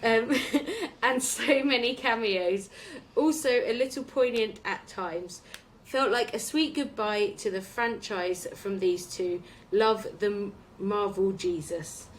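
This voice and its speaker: A woman's voice: medium pitch, slow, slight background noise. A woman co-hosting a podcast, chatting casually and reading out listener reviews with plenty of ums. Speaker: podcast co-host.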